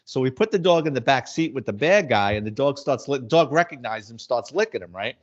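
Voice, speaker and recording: A man's voice: mid-range voice, animated, fairly quick. Blunt New man spinning cop stories. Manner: blunt, wisecracking, acts out quoted dialogue. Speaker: former police detective and author. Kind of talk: casual anecdotal storytelling. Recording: slightly muffled audio.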